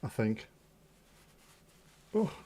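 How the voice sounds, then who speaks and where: A man's voice: very slow, mellow. A man hosting a livestream in casual chat, reading viewer comments in a jokey, sweary, self-mocking way. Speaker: livestream host.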